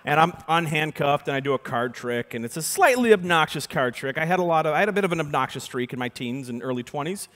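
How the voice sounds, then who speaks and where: Animated man telling a story. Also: on the high side, fast, few pauses. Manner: animated storyteller, acts out voices, swings from hushed to loud. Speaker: keynote speaker and magician. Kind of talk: storytelling keynote talk. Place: large conference hall. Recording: reverberant conference hall.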